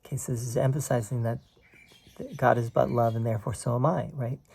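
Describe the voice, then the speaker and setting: A man's voice: mid-range voice, little pitch movement, brisk, creaky, darkish tone, husky. A man teaching a spiritual text in a casual, conversational way, explaining passages and often checking in with "right?". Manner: explains quoted text line by line.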